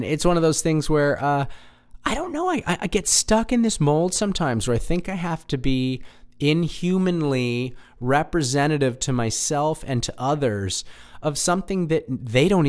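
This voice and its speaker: Candid rambling man, lively pitch. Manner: candid, rambling, self-deprecating, swears. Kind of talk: casual monologue.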